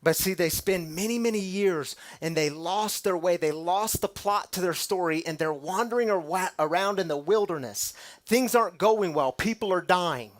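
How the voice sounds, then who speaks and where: Fairly high-voiced preacher, swings loud and hushed. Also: male voice, moderate pace. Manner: dramatic shifts from loud to hushed; conversational, calls the audience y'all. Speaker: pastor. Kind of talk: sermon.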